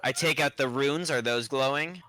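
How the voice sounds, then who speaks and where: A man's voice: mid-range voice, moderate pace, pushed and bright. A man playing in a tabletop game, asking laid-back, curious questions about his surroundings. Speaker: player. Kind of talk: casual tabletop game play.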